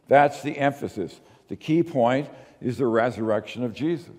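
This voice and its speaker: A man preaching a sermon as pastor, moving between quiet asides and emphatic, slowed readings of scripture. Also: mid-range voice, lively intonation, in a large hall.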